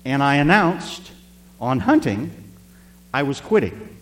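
A male preacher telling a personal story in a sermon, animated and speaking straight to the congregation. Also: mid-range voice, takes it slowly. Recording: reverberant hall with faint hum.

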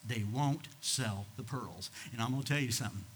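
An older man, a pastor, preaching a sermon in a folksy storytelling manner, dropping to quiet asides and rising to loud, emphatic bursts. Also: mid-range voice, moderate pace, husky.

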